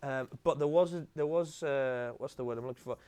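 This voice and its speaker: Director, mid-pitch man, storyteller type, acts out lines, casual swearing. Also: brisk, a little mellow, clear, resonant tone. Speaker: TV comedy director giving a masterclass. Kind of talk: anecdotal stage conversation.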